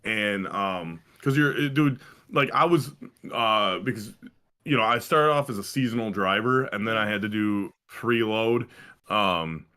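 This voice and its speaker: A young man telling long, meandering stories on a casual podcast, swearing freely and leaning on fillers. His voice sits fairly low but sounds bright and forward. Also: a little slow. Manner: rambling storyteller, heavy swearing and fillers. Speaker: podcast co-host. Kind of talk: casual chat.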